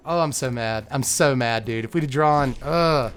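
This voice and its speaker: Young guy talking thru his card game, gets worked up n groans at bad draws, mid pitch, bit of music behind. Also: unhurried, long pauses, a bit bright. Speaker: gaming content creator. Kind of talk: live gameplay commentary.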